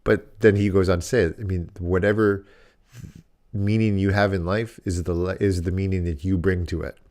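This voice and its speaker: Male podcast co-host, very low voice, casual, meandering storyteller. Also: fairly even intonation, normal speed, darkish tone. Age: adult dad. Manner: rambling, many restarts and "like" fillers.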